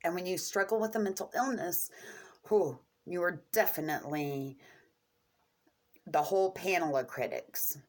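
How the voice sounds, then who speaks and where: A middle-aged woman talking candidly and earnestly to her viewers, openly emotional, in short halting phrases. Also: on the low side. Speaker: vlogger sharing coping skills. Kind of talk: candid personal talk to camera.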